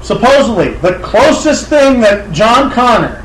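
A man in casual movie-talk banter who swears a lot and breaks into loud, excited outbursts. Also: extremely high pitch, unhurried, roomy sound, slight background noise, low-quality recording.

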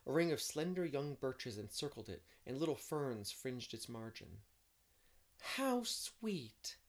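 A man reading a classic novel aloud in an expressive way, now and then adding a playful aside of his own. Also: mid-range voice, moderate pace. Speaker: audiobook reader.

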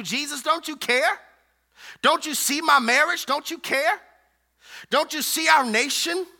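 A woman's voice: sits high, pushed and bright, voice pushed up. A man putting on a frantic, pleading woman. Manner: repeated urgent complaining questions. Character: anxious, indignant woman pleading with her Lord.

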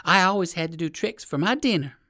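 A storyteller voicing a small, friendly male circus poodle in a high, eager storybook voice. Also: animated, fairly quick, bright, forceful tone, dry recording, clean studio sound. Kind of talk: storybook reading.

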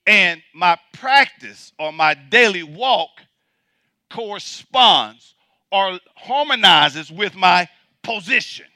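A male pastor preaching a sermon emphatically, repeating his points and swinging between loud declarations and quiet asides. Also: sits high, expressive, takes it slowly, dry recording, clean studio sound.

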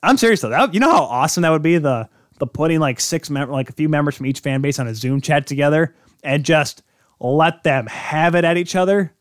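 A man's voice: on the high side, fairly quick, dry recording, clean studio sound. A man hosting a sports podcast, talking casually on his own in a rambling, joking way and correcting himself as he goes. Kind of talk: casual solo sports talk.

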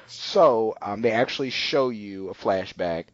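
A man's voice: lowish voice, lively intonation, measured pace, no room sound. Male podcast co-host, rambling casual recap, dry and a bit muffled. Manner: rambling, many ums and restarts. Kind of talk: casual chat recapping a TV episode.

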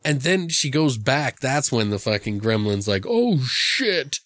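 Man, casual podcast co-host, rambling and swearing, mid pitch, dry close sound. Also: animated, moderate pace, fairly bright tone, dry recording. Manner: rambling, profane, retells scenes in funny voices. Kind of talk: casual movie review chat.

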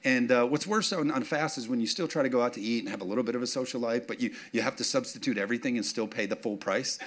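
A man's voice: mid-range voice, fast. A middle-aged man preaching a sermon, telling self-mocking stories with humor and often asking the congregation if they are with him. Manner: animated, asks congregation for response. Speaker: pastor.

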